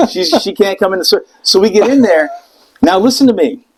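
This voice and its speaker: A man telling a personal story in casual podcast chat, animated and profane, acting out the people in it. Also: sits high, measured pace, rough recording. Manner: animated, profane, acts out voices in quotes.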